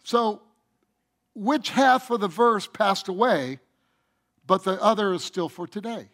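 A man's voice: high voice, measured pace, fairly bright tone. A male pastor preaching a sermon, speaking emphatically and addressing the congregation directly.

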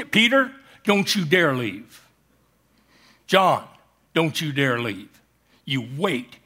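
A preacher putting on a stern, commanding teacher who gives orders with a pointed, insistent firmness. The voice sits a little high for a man and never softens into a suggestion. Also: heavily acted.

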